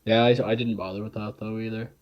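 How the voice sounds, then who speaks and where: A young man co-hosting a casual podcast chat, easygoing, with short agreeing replies and quick laughs. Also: lowish voice, flat delivery. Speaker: podcast co-host. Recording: dull lo-fi sound.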